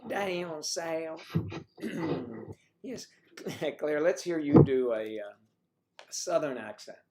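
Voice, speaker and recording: A man hosting a casual livestream chat, joking with callers and clearing his throat now and then. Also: fairly high pitch, animated, takes it slowly, heavy background noise. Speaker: livestream host.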